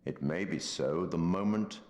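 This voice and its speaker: An actor playing a mysterious, urbane male storyteller with a theatrical, measured delivery. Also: sits low, a little mellow. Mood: sly. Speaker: game narrator. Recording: roomy hall reverb.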